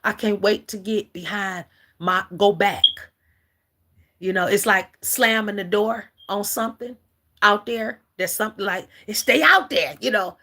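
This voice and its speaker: Tearful, gravelly-voiced woman giving a spiritual reading. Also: mid-range voice, pushed and bright. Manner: emotional, halting, addresses viewers as collective. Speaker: spiritual reader. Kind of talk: livestream spiritual message.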